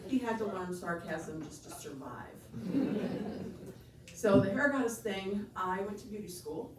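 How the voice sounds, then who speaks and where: A woman doing a stand-up comedy set, telling an animated story and acting out the other people's lines. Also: mid-range voice, a little slow. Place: comedy venue stage. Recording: echoey room from far off, noisy.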